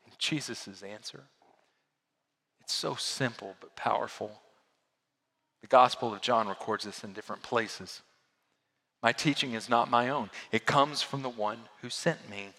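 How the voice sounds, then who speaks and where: A man preaching a sermon as a pastor, swinging from loud emphasis down to hushed, quiet lows. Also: a little slow, long pauses, big-room sound.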